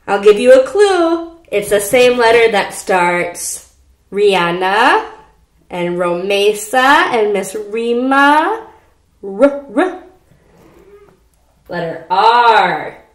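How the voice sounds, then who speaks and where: A woman teaching a preschool phonics lesson from home, speaking slowly and repeating letter sounds for young children. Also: mid-range voice, reverberant. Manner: slow, sing-song, repeats sounds for children. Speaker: pre-K teacher.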